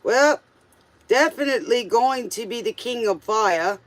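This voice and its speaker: A man's voice: very high voice, lively intonation, unhurried, fairly bright tone. A man doing a casual tarot reading, chatty and playful, with joking asides. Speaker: tarot reader.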